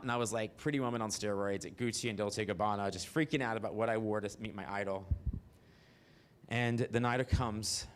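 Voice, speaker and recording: A man in his forties from the American South, telling brash, profane stories on a theater stage with sudden high squeals. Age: 40s. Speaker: stand-up storyteller. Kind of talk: stand-up comedy storytelling.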